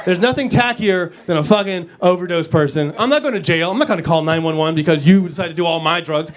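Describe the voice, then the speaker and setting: A man working a stand-up set in a comedy club, talking into a handheld stage mic. His voice sits a touch high for a man. He is brash and profane, jumping from shouted punchlines to low, mumbled asides. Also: fast talker. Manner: brash and profane, swinging between loud bursts and mumbled asides.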